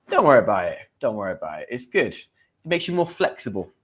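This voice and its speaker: A man's voice: medium pitch, big pitch swings, quick pace, a bit bright, husky. A man with a British accent teaching English slang in a live stream, chatting with viewers and reading out their comments.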